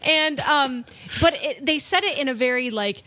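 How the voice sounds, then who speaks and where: A woman's voice: high-pitched, normal speed, sharp tone, no echo. A woman co-hosting a casual chat, teasing the others and laughing often. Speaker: co-host.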